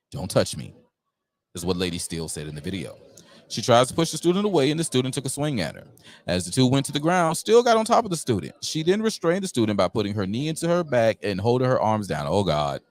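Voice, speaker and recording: A man hosting a live talk show, reading news aloud and breaking in with slangy asides. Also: on the low side. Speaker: radio show host.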